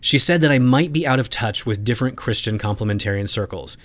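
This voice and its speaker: A man of average pitch hosts his own podcast, speaking alone. He thinks aloud in a loose, conversational way, sometimes restarting a phrase before carrying on. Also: fast talker, a bit bright. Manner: conversational, reflective, with frequent restarts. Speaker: podcast host. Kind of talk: solo podcast commentary.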